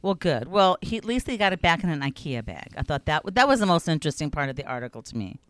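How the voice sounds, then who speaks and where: A woman co-hosting a casual podcast, chatty and quick to laugh, speaking into a studio microphone. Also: low-pitched, very animated, dry recording. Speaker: podcast co-host. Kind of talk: casual banter.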